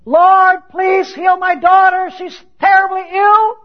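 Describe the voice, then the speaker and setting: A man preacher voicing a desperate mother who cries out loud and high for help, in a dull lo-fi recording. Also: level tone, slow pace. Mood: pleading. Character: desperate pleading mother, a woman crying out.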